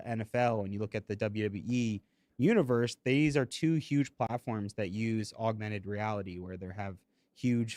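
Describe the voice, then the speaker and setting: A man's voice: on the low side, a little mellow, no room sound. A man hosting a live streaming tech podcast, chatting casually and drawing in the audience. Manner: upbeat, engaging the audience. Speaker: podcast host.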